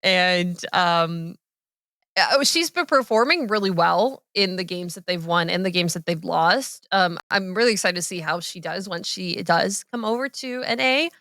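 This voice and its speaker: A woman with a low but bright, forceful voice calls a live esports match. She is chatty and laughs easily with her co-caster. The sound is close and dry. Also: normal speed, no echo. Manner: giggly, chatty color commentary.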